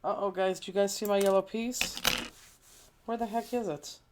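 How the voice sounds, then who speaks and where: A woman's voice: mid-range voice, steady tone, moderate pace. Brief: woman craft teacher, casual live class, chatty and exclamatory, faint hiss and clicks behind. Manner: chatty, exclaiming, fretful while searching.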